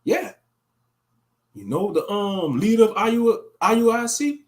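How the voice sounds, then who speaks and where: Preachy man with a higher voice. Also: very animated, normal speed. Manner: impassioned, scolding and mocking. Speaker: online commentator. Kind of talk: preachy religious commentary.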